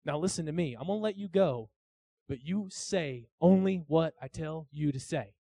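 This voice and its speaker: A man's voice: fairly high pitch, moderate pace, gravelly, warm tone, no room sound, clean studio sound, pitched below the performer's own voice. A man doing a blunt, scolding angel. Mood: stern. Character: stern, blunt male angel.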